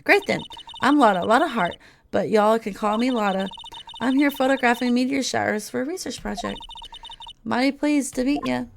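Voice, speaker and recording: A woman voicing a loud, sassy Southern woman photographer in a video game, speaking with a folksy put-on Southern drawl over game music. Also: fairly high pitch, moderate pace, vocal fry, background noise. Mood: friendly. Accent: American Southern, put on.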